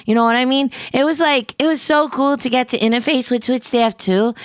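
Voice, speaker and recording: A young adult woman streaming as a VTuber, bubbly and giggly, with a squeaky voice and lots of stammered repeats. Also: brisk, dry recording, studio quality. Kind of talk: casual live stream chat.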